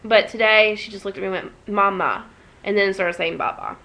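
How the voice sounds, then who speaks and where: A woman's voice: mid-range voice, steady tone, quick pace, bright, forceful tone, poor audio. Emotional young woman rambling to camera. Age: young adult. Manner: rambling, emotional, many restarts. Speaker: vlogger. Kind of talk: casual emotional vlog.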